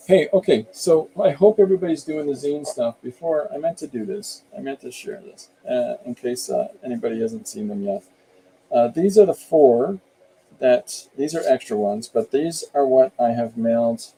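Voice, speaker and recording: A man's voice: lowish voice, warm tone, a little hiss or hum, poor audio. A man in his fifties, an artist hosting his show, chatting casually and rambling about his work as he draws. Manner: rambling and easygoing, explaining his work as he goes. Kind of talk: casual chat while drawing live.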